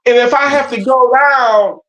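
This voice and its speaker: A man's voice: very high voice, unhurried, pushed and bright. A man talking as a podcast guest, telling a story in an emphatic, profane way. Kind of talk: casual podcast conversation. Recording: dull lo-fi audio.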